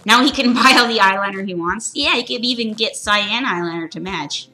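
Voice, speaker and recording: A woman's voice: mid-range voice, fairly quick, few pauses, pushed and bright, faint music behind. A woman streaming a game, reading its text aloud with giggly, crude offhand jokes. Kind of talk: casual let's play commentary, reading game text aloud.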